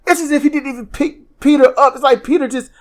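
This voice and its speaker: A man co-hosting a podcast, giving an animated, joking wrestling review in casual chat. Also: very high-pitched, quick pace. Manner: animated, acts out quotes in silly voices; joking, laughs often. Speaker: podcast co-host.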